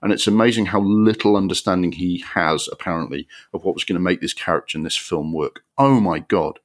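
Sweary, exasperated deep-voiced man. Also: fairly quick. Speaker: podcast host. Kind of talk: ranting film review.

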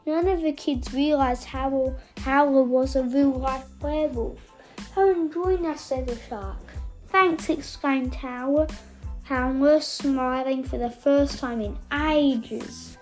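A woman reading a children's story aloud in an expressive, playful way. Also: high-pitched, slow pace. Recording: faint background music.

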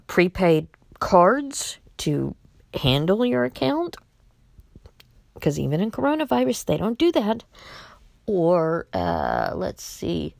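A woman's voice: on the low side, vocal fry, a little mellow, no echo, studio quality. A woman talking casually to her viewers with a blunt, exasperated and outspoken manner. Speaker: vlogger warning about scams. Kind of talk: casual monologue to camera.

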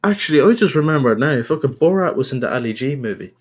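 Brief: young podcast co-host, an eager talker who swears a lot. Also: male voice, mid-range voice, lively intonation, fast talker. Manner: enthusiastic, swears freely. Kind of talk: casual chat.

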